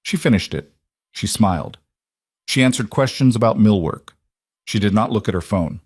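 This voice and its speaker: Low-voiced man narrating a story. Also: moderate pace, slightly rough, dry recording, studio quality. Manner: even, short declarative sentences.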